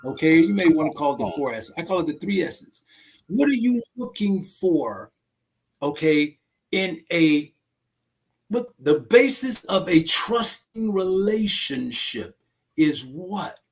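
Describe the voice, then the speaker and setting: High-voiced emphatic man preaching to a group. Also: very animated, slow. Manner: emphatic, preachy, keeps checking in with listeners. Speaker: domestic violence class facilitator. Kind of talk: group discussion.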